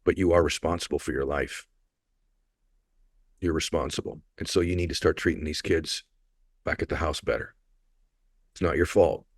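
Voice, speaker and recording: Middle-aged male podcast host, extremely low voice, earnest and motivational, emotional, dry studio sound. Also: fairly even intonation, moderate pace, long pauses, husky, no room sound. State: emotional, choked up. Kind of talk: emotional solo storytelling.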